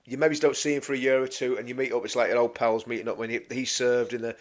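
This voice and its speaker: A man co-hosting a casual livestream chat, telling a story and acting out other people's voices as he goes. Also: fast. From England. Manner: animated anecdote-telling, mimics voices with big pitch jumps. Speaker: co-host of a political livestream.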